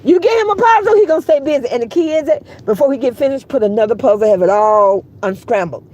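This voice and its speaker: A woman telling a story in casual, animated vlog style, cursing freely and calling her listeners girl and baby. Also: sits high, fast, dull audio, a little hiss or hum.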